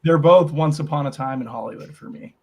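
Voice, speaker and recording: A man's voice: fairly high pitch, fairly quick, darkish tone. A man co-hosting a casual sports betting chat, laid-back and trailing off as he talks. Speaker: co-host.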